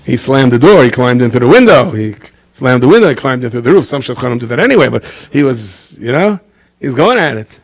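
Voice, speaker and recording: Animated rabbi telling stories. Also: male voice, a little fast. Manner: animated storyteller, acts out characters with big pitch jumps, Yiddish-inflected English. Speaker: rabbi giving a Torah talk. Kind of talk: storytelling Torah lecture.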